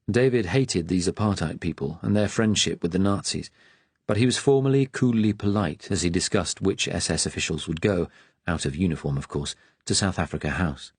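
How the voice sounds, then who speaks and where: A man reading an audiobook in a measured, even narrating manner. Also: low-pitched, slightly rough, no room sound.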